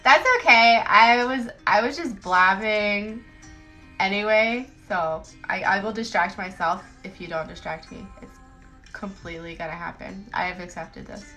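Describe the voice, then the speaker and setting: A woman's voice: mid-range voice, normal speed, bright, forceful tone, soft background music, rough recording. Chatty woman rambling on a phone livestream. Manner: chatty, rambling, giggly, self-deprecating. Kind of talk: casual livestream chat.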